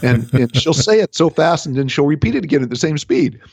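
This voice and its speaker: A man's voice: fairly high pitch, lively intonation, a little fast, creaky, darkish tone, dry recording. A man, a relationship coach, explaining ideas in a casual radio interview, often changing his speed to make a point. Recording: dry, slightly dull radio recording.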